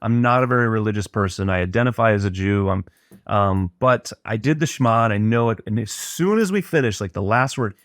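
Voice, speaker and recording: A man's voice: on the low side, a little fast, a bit bright, no echo, studio quality. A middle-aged man, a podcast guest, earnestly and reflectively retelling a personal story in conversation.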